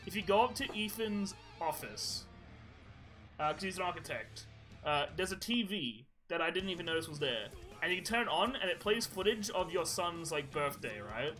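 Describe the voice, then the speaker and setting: Podcast co-host, man, high voice, rambling and profane, music bed behind. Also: bright, forceful tone, low-quality recording. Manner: rambling, swears often, laughs while telling stories. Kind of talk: casual chat.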